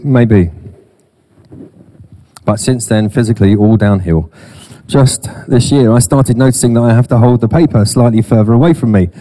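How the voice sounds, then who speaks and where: A man's voice: medium pitch, dark tone. A middle-aged man preaching a sermon in church, with humorous self-deprecating asides. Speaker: pastor.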